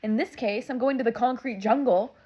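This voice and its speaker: A woman from Southern California chats casually to her vlog camera at home. Her voice sits a little high for a woman, and she rambles with plenty of "um" and "like.". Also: fairly quick, darkish tone, muffled recording. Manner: chatty and rambling, with frequent "like" and "um". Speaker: vlogger. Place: at home while packing.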